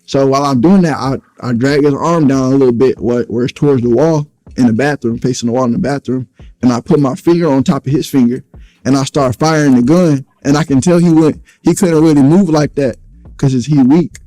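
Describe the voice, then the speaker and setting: A man's voice: medium pitch, brisk, mellow. A man bluntly recounting events in a casual, profane storytelling manner. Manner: blunt, profane, acts out quotes. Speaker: interview guest recounting events.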